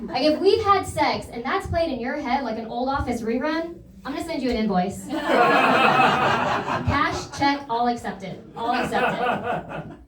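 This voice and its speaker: A young woman doing a stand-up comedy set in a club, with a deadpan, self-deprecating delivery. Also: sits high, normal speed, very noisy. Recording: echoey club, mic at a distance, loud crowd laughter. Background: audience laughter.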